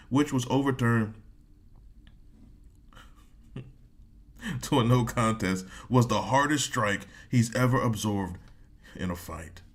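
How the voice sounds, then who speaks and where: Guy doing a casual reaction vid, reads an article out loud, keeps wandering off into jokes. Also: mid-range voice. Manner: rambling, joking asides, laughs often. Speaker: reaction video host.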